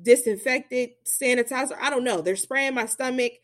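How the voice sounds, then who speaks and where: A woman's voice: sits high, normal speed, no echo, clean studio sound. Chatty young woman telling her story. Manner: animated, acts out quoted voices; chatty with frequent fillers. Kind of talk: personal storytelling.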